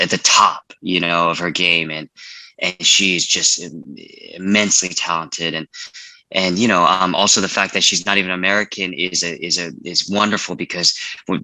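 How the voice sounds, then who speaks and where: A fairly low-voiced man from California with a very sharp, forceful tone and a dry, close sound. He answers in an earnest, halting way, restarting his words and leaning on "you know". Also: steady tone, no room sound, poor audio. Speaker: filmmaker guest. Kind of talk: casual interview answers.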